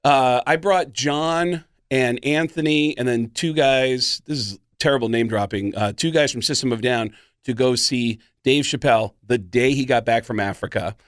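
A man, a guest comedian, telling animated stories in a casual chat, slipping into impressions. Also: mid-range voice, moderate pace, clean tone, no echo, clean studio sound. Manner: animated storyteller who slips into impressions.

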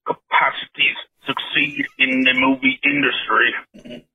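A man calling in by phone, voicing an earnest, slow-witted Southern man with a put-on drawl and halting, repetitive speech. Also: mid-range voice, flat delivery, vocal fry, slight background noise. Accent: put-on American Southern. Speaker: caller. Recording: tinny phone line.

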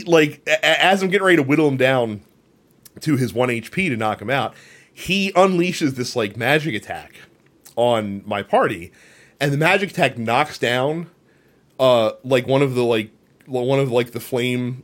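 A man co-hosting a gaming podcast, telling a long game story in a rambling, animated way, full of fillers and swearing. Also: medium pitch, normal speed. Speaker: podcast co-host. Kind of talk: casual chat.

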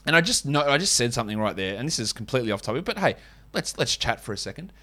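A man's voice: medium pitch, sing-song, fast, sharp tone. A man with an Australian accent hosts a sports podcast in a mid-range voice. He talks casually and bluntly, with strong opinions and the odd swear word. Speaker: podcast host. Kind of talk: casual fantasy sports analysis.

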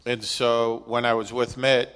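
A middle-aged man being interviewed, casually telling a long story about his career in a self-deprecating, animated way. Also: mid-range voice, a little slow, clear, resonant tone, big-room sound. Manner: self-deprecating, animated when recounting dialogue. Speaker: interview guest, company executive. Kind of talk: conversational storytelling.

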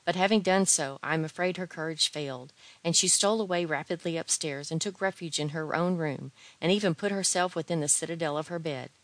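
A woman narrating a novel with measured, gently wry storytelling. Her voice is low for a woman. The recording is dry and close to the mic. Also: no echo. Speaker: audiobook reader.

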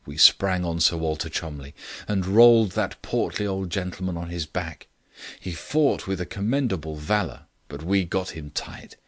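Deep-voiced man reading a storybook. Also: animated, no room sound, studio quality. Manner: measured storytelling. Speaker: audiobook reader. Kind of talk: scripted narration.

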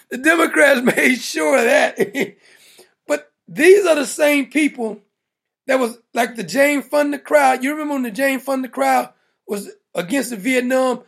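A man's voice: very high voice, slow, gravelly, a bit bright. A man hosting a political commentary show, mocking and blunt, laughing at his own jokes. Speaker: show host.

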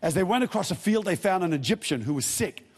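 A man's voice: high-pitched, expressive, fast, husky, in a large hall. A man preaching a sermon, retelling a scripture story in casual, everyday words.

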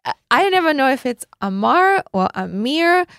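A woman's voice: high voice, big pitch swings, normal speed, fairly bright tone, no echo, studio quality. A woman from Austria hosting a casual podcast, introducing her co-hosts and guest with effusive praise. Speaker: podcast host.

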